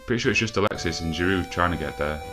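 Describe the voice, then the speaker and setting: A young man with a deep, low voice runs live commentary over a football video game. He sounds a little out of breath, swears freely, and breaks into shouts when play heats up. Faint music runs underneath. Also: rapid-fire. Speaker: gaming commentator.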